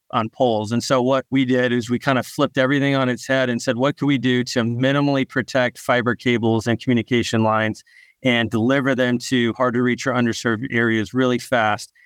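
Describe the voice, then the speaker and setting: A man, a startup founder, answering podcast interview questions in a relaxed storytelling way, often repeating a word as he restarts. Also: medium pitch, brisk, smooth, no room sound, studio quality.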